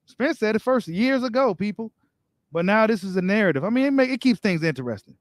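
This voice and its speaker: A man with a fairly high voice hosts a boxing live stream. He reads viewer comments and answers them in loose, slangy chat. The sound is close and dry, with no room around it. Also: animated, fast talker, no room sound. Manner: casual, slangy, talks straight to viewers. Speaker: boxing channel host.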